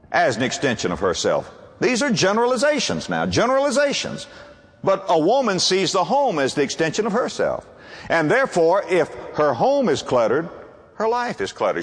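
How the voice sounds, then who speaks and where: Older preacher with swooping pitch. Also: male voice, big-room sound. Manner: preaching with wide swings in pitch and drawn-out emphasis. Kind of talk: sermon.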